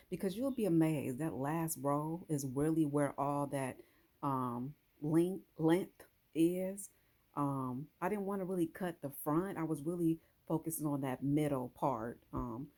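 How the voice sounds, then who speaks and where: A woman's voice: low voice, dark tone. A woman hosting a casual how-to vlog, chatting straight to her viewers while she works with her hands. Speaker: hair vlogger.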